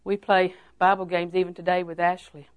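An older woman preacher giving a sermon, telling homely stories and then rising into emphatic, drawn-out exhortations. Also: on the low side, flat delivery, clear, resonant tone. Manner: folksy storytelling that rises to emphatic, drawn-out exhortation.

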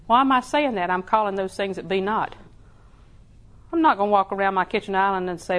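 A woman preaching a sermon in a folksy way, laughing often and repeating phrases softly. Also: mid-range voice, normal speed, long pauses.

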